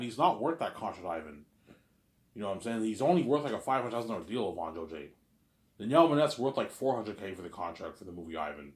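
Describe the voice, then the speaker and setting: Man vlogging a loose, rambling monologue; quick and animated. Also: on the low side, roomy sound. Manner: rambling, repeats "you know what I'm saying". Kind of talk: casual monologue.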